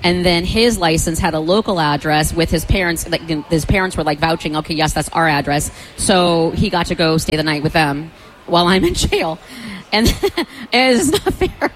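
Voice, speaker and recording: A woman telling a story in a casual chat, animated, often laughing and acting out what others said. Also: low voice, moderate pace, poor audio.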